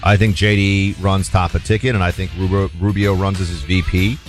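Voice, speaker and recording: A middle-aged man hosting a talk radio program, talking in a slightly low voice. He takes callers and shares his views in a loose, conversational way, and faint music sits under his voice. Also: fairly quick. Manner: relaxed, opinionated, takes calls. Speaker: radio talk show host. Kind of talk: casual talk radio chat.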